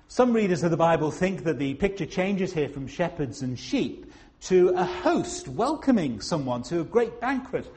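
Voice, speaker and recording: A man preaching a sermon in a slow, emphatic way, pausing for weight on single words. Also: a little high, big pitch swings, a little mellow. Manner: slow, emphatic, with dramatic pauses.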